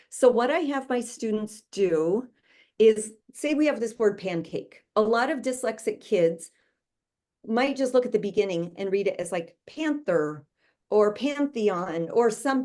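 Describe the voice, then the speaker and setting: A woman's voice: medium pitch, a little mellow. Patient woman explaining spelling steps. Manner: patient, explains step by step with fillers. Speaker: literacy tutor. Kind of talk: instructional explanation.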